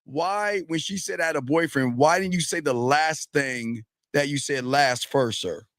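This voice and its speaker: A man's voice: fairly high pitch, unhurried, a bit bright, no echo, studio quality. A man hosting a talk show, blunt and exasperated, pressing a caller with repeated questions. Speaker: host. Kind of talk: casual chat.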